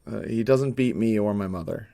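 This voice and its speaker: A haunted young patient. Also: male voice, on the low side, moderate pace, vocal fry, mellow. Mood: glum. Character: troubled young male patient haunted by nightmares. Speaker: game patient.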